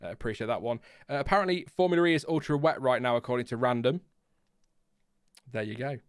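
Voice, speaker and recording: A man's voice: mid-range voice, fast talker, clear, resonant tone, no echo, studio quality. A man hosting a casual live stream, chatty and laughing often as he reads out viewer messages and press releases. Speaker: livestream host.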